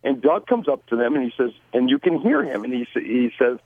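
Fast, gravelly American man on the phone. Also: medium pitch, no echo. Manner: brash, energetic, repeats words as he starts sentences. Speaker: guest author and business owner. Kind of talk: casual interview talk. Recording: tinny dry phone line.

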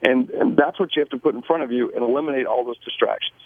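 Over a tinny, dry phone line with no room sound, a brash American man talks quickly in a mid-range voice. He's a guest author and business owner in a casual interview, and he tends to repeat words when beginning a sentence.

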